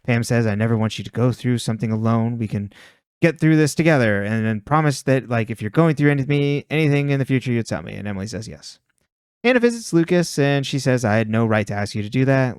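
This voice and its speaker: Smooth-voiced man recapping a plot. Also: medium pitch, no room sound, clean studio sound. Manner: recaps plot in a plain, wry tone and laughs often. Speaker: podcast co-host recapping episodes. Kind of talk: casual chat, reading a plot recap.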